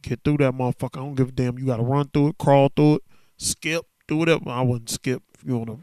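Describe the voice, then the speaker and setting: A man alone at a podcast mic, speaking in a loose, candid, slang-heavy way and sounding worn down. His voice comes across smooth and clean. The sound is close and dry, with no room around it. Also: medium pitch, steady tone, quick pace, darkish tone, no room sound. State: emotional, worn down. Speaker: podcast host. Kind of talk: casual solo podcast monologue.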